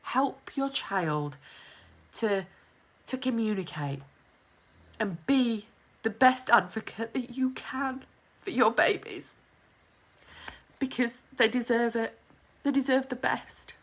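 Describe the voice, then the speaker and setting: A woman's voice: on the high side, slow, pauses often, a bit bright. A woman, a single mother talking to camera in a heartfelt casual vlog, emphatic and determined, with many "you know" fillers and close to tears.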